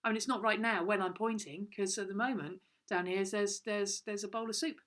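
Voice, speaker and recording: A woman's voice: mid-range voice, steady tone, a little fast, fairly bright tone. A woman co-hosting a home lesson, telling a rambling, mock-serious comic story in a playful way. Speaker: co-host of a comedy kids' lesson.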